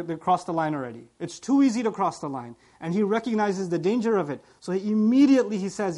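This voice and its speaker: A man giving a nightly sermon, telling the story with animation, acting out the dialogue and explaining what words mean. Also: high voice. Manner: explains word meanings in detail. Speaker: preacher.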